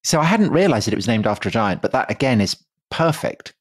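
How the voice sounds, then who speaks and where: A man co-hosts a casual history podcast, chiming in with eager comments and jokes. His voice is a little husky and moves through a lively pitch range. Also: quick pace. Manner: eager, enthusiastic interjections and quips. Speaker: podcast co-host.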